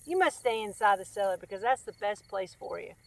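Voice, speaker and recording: A woman's voice: mid-range voice, expressive, brisk, creaky, distant mic. A woman doing a bossy storybook rooster. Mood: stern. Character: stern male rooster, bossy and dismissive.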